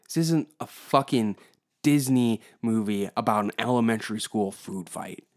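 A man's voice: fairly low pitch, moderate pace. A hungover man hosting a solo podcast, ranting heatedly and swearing constantly. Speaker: podcast host.

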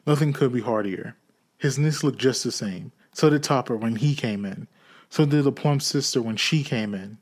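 A man reading a classic novel aloud in a steady, measured storytelling way. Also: medium pitch. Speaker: audiobook reader.

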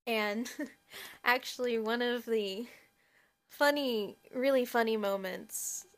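A woman's voice: on the high side, takes it slowly, a bit bright. A woman hosting a podcast, talking casually about a book, with many fillers and restarts and frequent laughter. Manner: laughs often while talking. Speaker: podcast host.

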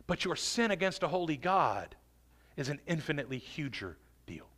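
A man preaching from the pulpit in a high, bright, ringing voice. He leans hard into key phrases, stretching them out, then drops low and quiet. Earnest, emphatic sermon delivery. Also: big pitch swings, moderate pace. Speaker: pastor.

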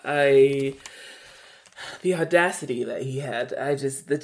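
A woman's voice: very deep voice, slow pace, a little mellow. A young woman co-hosting a podcast in casual chat, ranting with dry sarcasm and laughing often. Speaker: podcast co-host.

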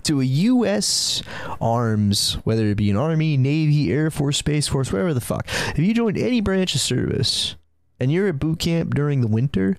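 A young man hosting a live podcast, rambling and swearing as he tells stories, laughing often and admitting he is high. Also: a little mellow, no room sound. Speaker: podcast host.

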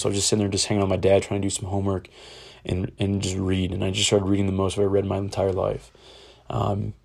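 A man's voice: lowish voice, creaky, darkish tone. A young man from Ohio telling a personal story in a rambling, candid, casual way, swearing freely. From Ohio, USA.

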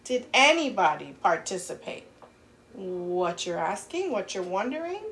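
A woman co-hosting a casual chat podcast, talking in an animated, emphatic way and giving playful advice. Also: medium pitch, a little slow. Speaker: podcast co-host.

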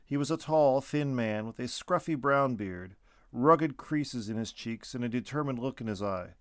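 A man narrating a story aloud in an expressive reading. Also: medium pitch, normal speed, no echo, studio quality.

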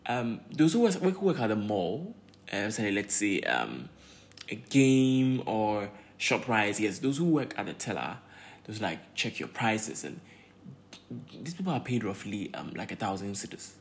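A man's voice: fairly low pitch, big pitch swings, a little slow. A young man with a Ghanaian accent, venting in a casual vlog, exasperated and repeating himself with many fillers. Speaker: pharmacy graduate vlogger.

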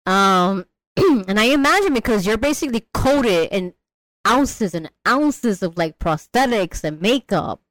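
A woman talks casually and animatedly about a film, full of slang and laughing asides. She often jumps into high, sing-song voices to mimic characters. The recording is dry and close. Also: animated, a little slow, fairly bright tone, no room sound, poor audio. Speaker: podcast co-host discussing a film. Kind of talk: casual chat.

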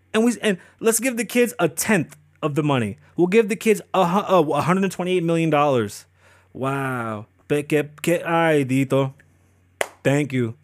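High-voiced man ranting with profanity. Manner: profane, heated, rambling, stumbles over words. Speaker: host. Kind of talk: casual ranting commentary. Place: Las Vegas.

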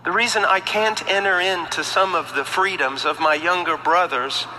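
A man's voice: sits high, moderate pace, bright, forceful tone. A man preaching a fervent sermon, rising to emphatic peaks, in a church sanctuary. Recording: long hall reverb, faint background noise.

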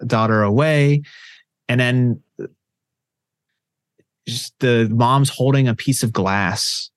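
A man's voice: medium pitch, clear, resonant tone, no echo, studio quality. Man ranting heatedly on a podcast. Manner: heated ranting, heavy swearing. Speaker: podcast co-host. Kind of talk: casual chat.

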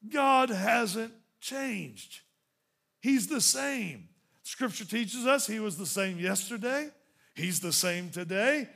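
A man preaching a sermon as pastor, building into emphatic runs and dropping into softer asides to the congregation. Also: high-pitched, animated, takes it slowly, vocal fry.

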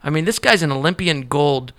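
A man's voice: on the high side, expressive, brisk, fairly bright tone, no echo. A man who is a podcast guest, telling a story casually and with animation, packed with fillers.

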